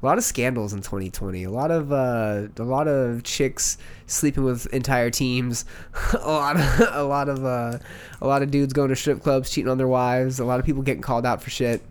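A man co-hosting a podcast in casual chat, swearing freely and joking in quick repeated bursts. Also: medium pitch, fairly even intonation, clean tone. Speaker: podcast co-host.

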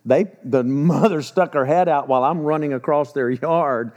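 A man's voice: on the high side, moderate pace, darkish tone, dull audio. A middle-aged male pastor teaching a sermon in a folksy storytelling way, often asking the listeners rhetorical questions.

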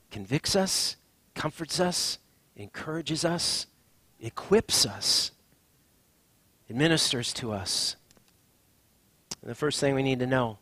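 A man preaching a sermon as a pastor, swinging from hushed, drawn-out phrases to emphatic lines. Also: mid-range voice, husky, dry recording.

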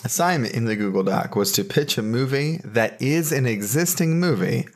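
A man's voice: medium pitch, expressive, moderate pace. A man hosting a comedy podcast, asking dry, quizzical questions and recapping the bit in casual banter. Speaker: podcast host.

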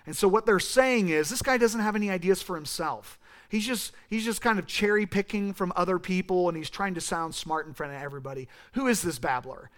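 A young man from California delivers a sermon with a high-pitched voice. He teaches in an animated, rambling way and turns aside often to talk with people in the congregation. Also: a little fast. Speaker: pastor.

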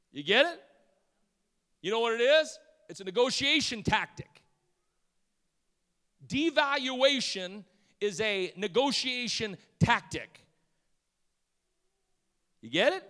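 A middle-aged pastor with a very high-pitched voice preaches a sermon in a large, echoing room. He tells stories, acts out the voices of the people in them, and builds up to shouting.

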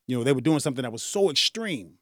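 A man in his forties hosting a radio talk show, speaking in a casual, animated way with frequent chuckles. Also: mid-range voice, fast talker, no room sound, clean studio sound. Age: 40s. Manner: animated, conversational, chuckles often. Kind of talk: solo talk radio monologue.

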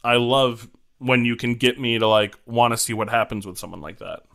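A man in a casual film discussion, relaxed and measured, often agreeing with the others. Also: mid-range voice, creaky.

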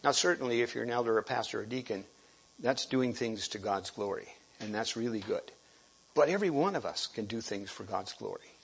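A man giving a sermon, halting and restarting often and clearing his throat. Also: medium pitch. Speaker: preacher.

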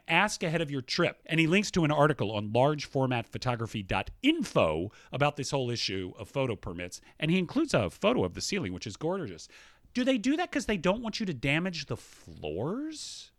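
A man in his thirties co-hosts a podcast, reading out listener emails and riffing on them at a quick clip. His voice sits a bit high and bright, with lively swings in pitch, recorded dry and close. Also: no echo. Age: 30s. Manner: quick-talking, animated, reads emails aloud with quips. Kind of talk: casual podcast chat.

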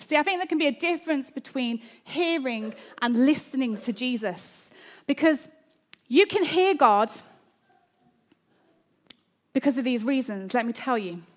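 A woman preaching a sermon in church, emphatic, repeating her phrases and calling for an amen. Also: high voice.

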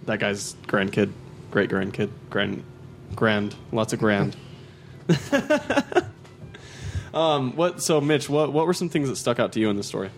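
A man's voice: on the low side, big pitch swings, measured pace, long pauses, a little hiss or hum. A man hosting a casual chat, upbeat and playful, laughing often.

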